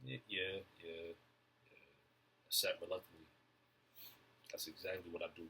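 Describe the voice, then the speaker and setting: A young man in a rambling stream-of-consciousness monologue, halting and repeating words as he muses over word definitions. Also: deep voice, flat delivery, sharp tone, a little hiss or hum. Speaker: vlogger.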